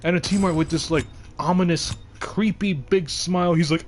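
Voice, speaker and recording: A man's voice: high voice, fairly even intonation, normal speed, a little hiss or hum. A young man streaming live, chatting casually in a rambling way with lots of fillers and restarts. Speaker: game streamer.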